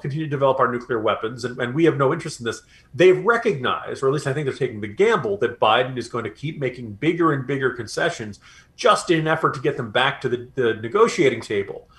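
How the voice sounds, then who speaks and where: A man's voice: medium pitch, a bit bright. A man co-hosting a political podcast, talking in a loose, rambling way and slipping into mocking voices when he paraphrases others. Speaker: podcast co-host. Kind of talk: casual political commentary.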